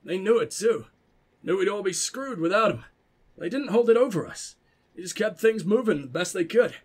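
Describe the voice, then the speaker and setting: A man putting on a gruff old southern loner. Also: high voice, animated. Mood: grudging. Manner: slow, folksy drawl with rural grammar. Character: weathered old male southern backcountry loner.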